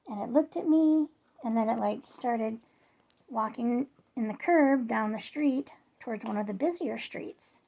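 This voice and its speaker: A woman with a slightly high voice recounts a neighborhood story for her vlog. She talks in a loose, rambling way, full of ums and self-corrections. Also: a little slow, creaky, warm tone. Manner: chatty, rambling, many fillers and restarts. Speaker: vlogger. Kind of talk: casual storytelling to camera.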